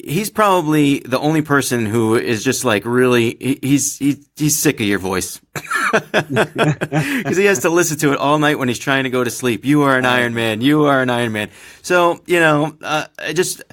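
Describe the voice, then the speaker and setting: A man's voice: a little high, lively intonation, normal speed, fairly bright tone. Chatty male podcast host. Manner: chatty, laughs often, restarts sentences. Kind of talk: casual interview.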